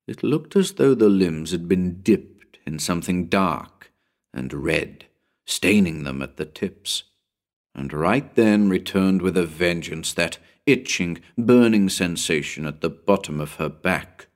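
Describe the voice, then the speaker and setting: A man's voice: low voice, animated, measured pace. A man narrating a spooky story as an audiobook, building suspense in a dramatic storytelling manner.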